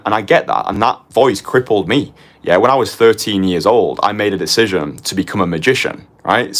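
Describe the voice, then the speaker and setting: A man's voice: fairly low pitch, a bit bright. A young man teaching a motivational course as a dating coach, confessional and punchy, tagging his points with "right?" and casually swearing.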